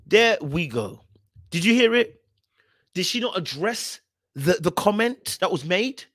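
A man's voice: high voice, expressive, a little slow, a bit bright. A man with a British accent hosting a podcast, giving emphatic, repetitive commentary on reality TV clips. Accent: British English.

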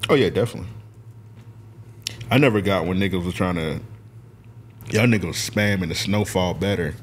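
A man co-hosting a podcast, talking in animated, profane, teasing casual banter. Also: sits low, moderate pace, a little hiss or hum. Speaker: podcast co-host.

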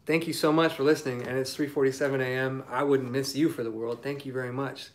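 A relaxed singer-songwriter hosts a casual livestream on a phone mic, reading comments and rambling with many ums and asides. His voice is medium-pitched and fast.

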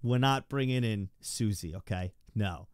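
A man's voice: on the low side, measured pace, darkish tone, clean tone, dry recording, studio quality. A young man streaming from home, rambling and stammering as he thanks his viewers. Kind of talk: live stream chat.

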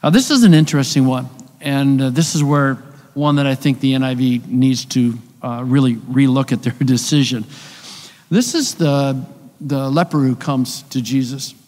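A man's voice: mid-range voice, normal speed, a little mellow. A man giving a conversational conference lecture, explaining with rhetorical questions and asides. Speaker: conference speaker on biblical texts. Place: church hall. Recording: long hall reverb.

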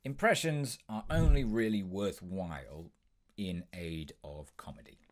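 Low-voiced young man teaching impressions. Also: a little hiss or hum. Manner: brisk, instructive, with frequent ums. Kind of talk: tutorial explanation.

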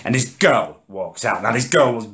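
A man's voice: mid-range voice, expressive, moderate pace, a bit bright. A man, ranting indignantly in a comedic monologue. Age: 30s. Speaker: comedic vlogger. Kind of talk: comedic rant to camera.

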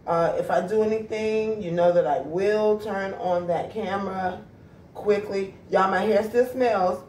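A woman's voice: mid-range voice, a little slow, warm tone, slight background noise. A woman chatting casually to her viewers in a home vlog. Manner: chatty, talks straight to viewers. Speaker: vlogger. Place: home and backyard. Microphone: camera mic. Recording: roomy echo from far off.

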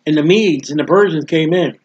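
A male preacher giving a lively, jokey sermon and acting out scenes, on a dull lo-fi recording. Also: a little high, a little fast, breathy edge. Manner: animated, jokey, acts out scenes. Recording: dull lo-fi sound.

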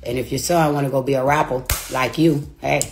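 A woman's voice: a bass voice, steady tone, a little fast, a little mellow, a little hiss or hum. A woman on a phone livestream from home, delivering a taunting, profane rant and laughing between her insults. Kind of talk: profane live-stream rant. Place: home, a rented house.

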